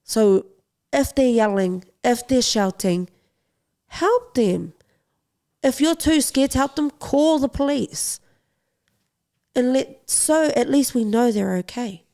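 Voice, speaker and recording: A woman's voice: on the high side, lively intonation, slow pace, pauses often, mellow. A young adult woman, a boxing champion, telling a personal story as a podcast guest in an impassioned, urgently pleading way.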